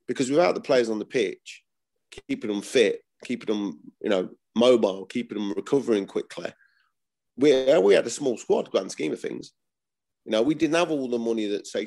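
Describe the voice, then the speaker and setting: Bloke in his 40s, gravelly deep voice, dark tone, blunt and sweary. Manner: blunt, swears freely, repeats himself. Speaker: former footballer, guest. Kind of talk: casual interview.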